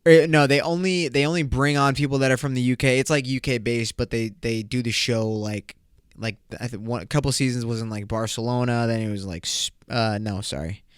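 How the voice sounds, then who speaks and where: A man's voice: mid-range voice, steady tone, brisk, clear, resonant tone, no echo, studio quality. A young man hosting his own podcast, chatting casually in slangy, profane talk and laughing often. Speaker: podcast host. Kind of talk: casual solo podcast chat.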